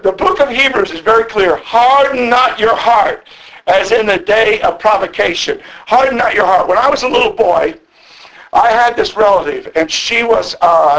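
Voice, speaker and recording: A man preaching a sermon in an earnest, halting way, repeating words and stretching key phrases slowly. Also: high voice, fairly bright tone, poor audio.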